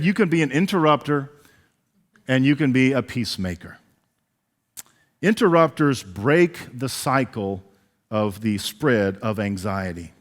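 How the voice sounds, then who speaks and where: A man preaching a sermon as pastor, animated and acting out the voices he quotes. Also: medium pitch. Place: church sanctuary. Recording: long reverb of a large church hall.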